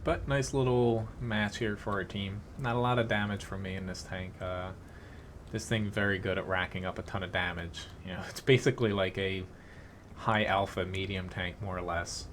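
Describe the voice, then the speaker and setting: A game streamer casually commentates his own live gameplay while chatting with viewers, thinking aloud with fillers and short chuckles. His low voice has fairly even intonation, a moderate pace, and a fairly bright tone, with a little hiss or hum in the background.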